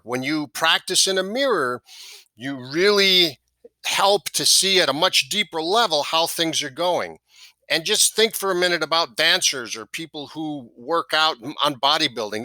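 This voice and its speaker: A man's voice: fairly high pitch, pushed and bright, no room sound. A man teaching a sales course, coaching step by step and checking in with "right?" and "okay?" as he goes. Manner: coaching, repeats key phrases, asks "right?" and "okay?". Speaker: sales trainer. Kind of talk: instructional talk to camera.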